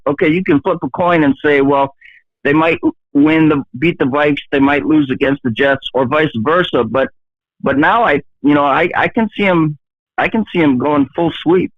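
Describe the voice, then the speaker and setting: A middle-aged man calling in to a show, speaking haltingly with many restarts and a self-deprecating tone. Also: fairly high pitch, no echo. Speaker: caller. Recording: tinny phone line.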